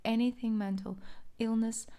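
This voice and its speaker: A woman reads tarot in a loose, chatty way, wandering through her points and laughing often. Her voice is warm and mellow, with a gravelly fry at the bottom of it. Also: fairly high pitch, fairly even intonation, normal speed. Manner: chatty and rambling, laughs often, many fillers. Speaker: tarot reader. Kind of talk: casual tarot reading to camera.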